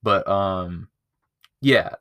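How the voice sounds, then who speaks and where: A man's voice: deep voice, drawn-out words, fairly bright tone, clear, resonant tone, dry recording. Rambling, swearing guy reviewing a movie. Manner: rambling, profane, loses his place. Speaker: podcast host. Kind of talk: casual movie review chat.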